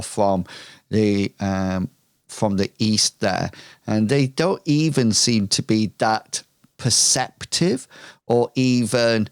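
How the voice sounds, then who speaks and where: A game master leads a tabletop session at an unhurried crawl, filling the gaps with ums. His low voice is smooth and clear, and it is recorded dry and close. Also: no room sound. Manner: hesitant, full of ums, descriptive.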